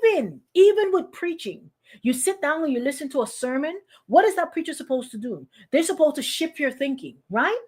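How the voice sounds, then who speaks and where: A middle-aged woman pastor gives an informal sermon to an online congregation in a high-sitting, very animated voice that's a little fast and slightly mellow. She calls on listeners by name and acts out the voices she quotes.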